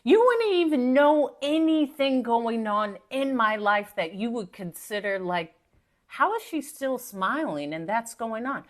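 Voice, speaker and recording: Animated high-voiced woman, live-stream pep talk. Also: a little slow. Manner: animated, preachy and playful, talks to viewers directly. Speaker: motivational speaker and live-stream host.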